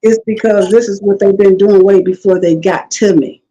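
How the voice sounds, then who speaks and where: A woman guest in a casual interview tells stories animatedly, acting out what other people said in lively voices. Her voice is mid-range and moderately paced. The sound is lo-fi.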